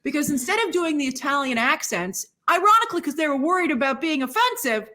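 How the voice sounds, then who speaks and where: Bright, snarky high-voiced woman. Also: fast talker. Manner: snarky, expressive. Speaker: film critic. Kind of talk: video review commentary.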